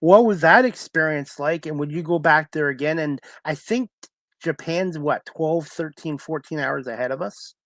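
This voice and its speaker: Soft-spoken man host asking questions. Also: a little high, normal speed, no room sound. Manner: brief, plain questions with fillers. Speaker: talk show host. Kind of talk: interview questions.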